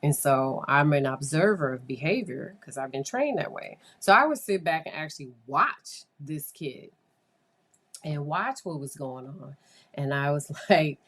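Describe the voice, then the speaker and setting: A woman's voice: deep voice, fairly bright tone. A woman psychologist telling a casual, rambling story, with many fillers and acted-out quotes. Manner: conversational, rambling, with frequent fillers and quoted dialogue. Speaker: child psychologist.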